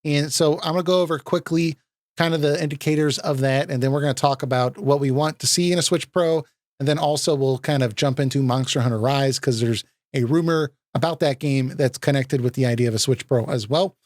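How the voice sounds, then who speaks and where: A man hosting a casual gaming podcast, enthusiastic and laughing often, with quick asides. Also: medium pitch, fairly even intonation, darkish tone, no echo, studio quality. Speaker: podcast host.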